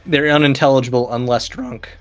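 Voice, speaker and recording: A man's voice: mid-range voice, fairly even intonation, a little fast. A man chatting casually with a friend while gaming, explaining things in a rambling, hesitant way. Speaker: friend playing along. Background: loud game music.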